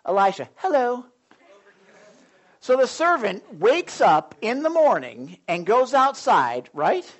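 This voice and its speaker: A pastor preaching a sermon, retelling a Bible story in a rambling, animated way. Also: male voice, sits high, measured pace, hardly any pauses.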